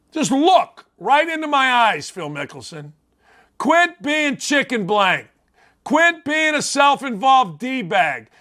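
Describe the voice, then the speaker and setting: A man hosting a sports talk show, ranting in a loud, blustery, rambling way and turning combative. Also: very high-pitched. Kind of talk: opinionated sports radio rant.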